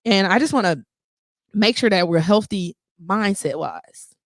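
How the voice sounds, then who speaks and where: A woman's voice: medium pitch, lively intonation, a little slow, dry recording, clean studio sound. A woman guest in a casual interview, telling her story with animation and acting out what people said.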